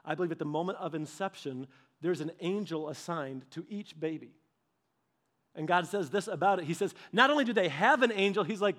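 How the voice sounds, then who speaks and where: A man's voice: a little high, brisk. A man preaching a sermon in a conversational way, acting out little dialogues. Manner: animated, acts out little dialogues; conversational, with casual fillers. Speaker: pastor.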